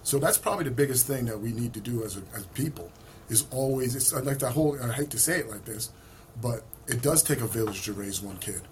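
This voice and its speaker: A man who is a podcast guest, talking in a halting, reflective way in casual chat. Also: mid-range voice, slight background noise.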